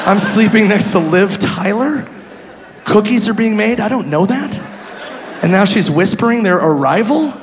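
A man's voice: sits high, expressive, moderate pace, background noise. A man doing stand-up storytelling, brash and laughing at his own jokes on a comedy club stage, recorded live in a hall with a crowd.

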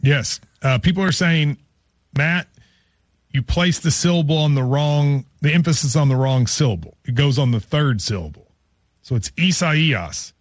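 A man hosting casual morning radio banter, chatty and teasing, with halting restarts. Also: a little high, dry recording. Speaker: radio show host.

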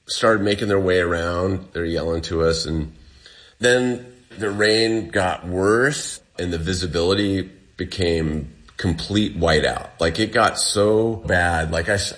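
A man's voice: deep voice, a little slow. A man being interviewed, recounting a survival ordeal in casual storytelling, acting out what people said. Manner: animated, acts out quoted dialogue. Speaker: guest telling a survival story.

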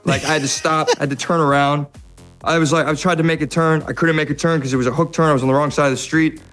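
An American man guesting on a radio interview, relaxed and rambling, joking at his own expense. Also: on the high side, fast talker, faint music behind. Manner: relaxed, rambling, self-deprecating humor. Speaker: actor guest. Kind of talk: casual interview.

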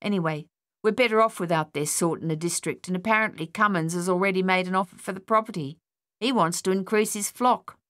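Woman reading cocky aussie country boy, gossipy, kinda low, dry mic. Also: fairly quick, no echo, natural voice. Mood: blunt. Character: blunt young country lad, gossipy and snobbish.

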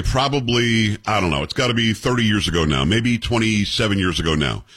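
A middle-aged man hosting a talk radio show, telling stories in an emphatic, animated way. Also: fairly low pitch, husky. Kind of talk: casual talk radio chat.

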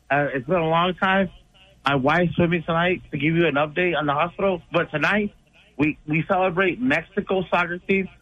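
A man's voice: sits high, fairly bright tone, dry recording. A man calling in to a radio show after a few drinks, talking in a rambling, effusive way. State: tipsy from drinking. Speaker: caller. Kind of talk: phone call-in. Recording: muffled phone line.

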